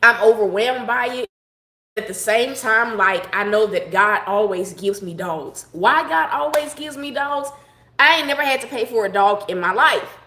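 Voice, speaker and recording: A middle-aged woman shares a personal devotional talk, her storytelling conversational and heartfelt. Her voice is bright and forceful, with a reflective edge. She sounds like she is in a roomy, echoing space. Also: fairly high pitch, lively intonation, moderate pace. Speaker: devotional broadcaster.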